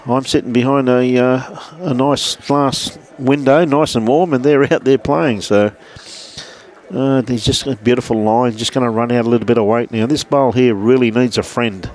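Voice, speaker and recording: A man's voice: medium pitch, fairly even intonation, normal speed, darkish tone. A man with an Australian accent commentating a lawn bowls livestream, chatty and matey, greeting viewers by name from behind a glass window. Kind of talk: live sports commentary with viewer shout-outs. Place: indoors behind a glass window beside the green.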